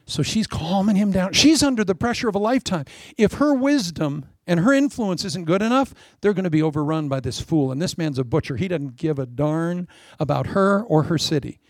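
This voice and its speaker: A man preaching a lively sermon with jokes, swinging between loud punchlines and soft asides. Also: sits high, a little fast, hardly any pauses, dry recording, clean studio sound. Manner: animated, joking, often laughing, drops to soft asides.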